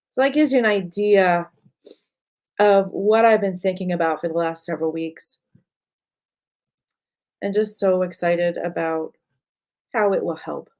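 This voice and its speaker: Tired middle-aged woman artist rambling heartfelt about her paintings, lowish voice. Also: darkish tone. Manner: heartfelt, rambling with frequent fillers. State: tired and emotional. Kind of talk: casual chat to camera.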